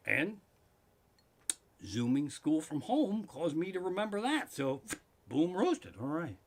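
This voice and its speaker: A middle-aged live streamer tells a crude, funny story in his living room that grows into loud, cursing tirades. His voice is on the high side with big pitch swings, slow-paced and marked by long pauses.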